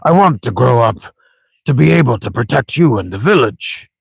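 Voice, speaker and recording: A man voicing a young male beast cub who earnestly wants to grow up, with a gravelly, husky voice. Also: medium pitch, expressive, normal speed, no echo, pitched above the performer's own voice, full character voice.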